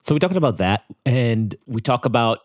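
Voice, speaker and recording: This Israeli-accented podcast co-host has a medium-pitched voice with lively intonation and a moderate pace. In a casual chat he speaks thoughtfully, hesitating and restarting often, captured in a dry, clean studio recording.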